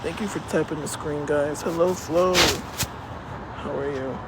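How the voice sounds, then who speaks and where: Her voice sits low and fairly even, and she talks slowly as she livestreams outdoors on a city street. The woman chats and rambles casually with viewers, swearing freely and saying she's cold, amid street noise and echo.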